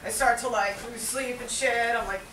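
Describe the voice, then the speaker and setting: A woman's voice: a little high, fairly even intonation, moderate pace, crowd noise, natural voice. A woman performing a brash, crude young man who rambles with constant fillers and swearing, in a live stage monologue. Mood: rambling. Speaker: solo performer. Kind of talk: stand-up character monologue. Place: small theater with live audience. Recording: echoey room, mic far off, loud noise.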